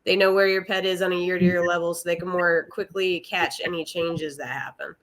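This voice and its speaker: A woman's voice: fairly low pitch, little pitch movement, a little fast, rough recording. A woman from an animal shelter chatting on a podcast, explaining pet care in a friendly, easygoing way. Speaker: animal shelter staff member. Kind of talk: informative podcast chat.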